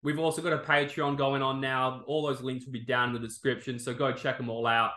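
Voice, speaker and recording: A man's voice: mid-range voice, little pitch movement, a little fast, bright, forceful tone, reverberant. A man hosting a sports review, ranting in anger and exasperation and swearing, tagging his lines with "okay?" and "man".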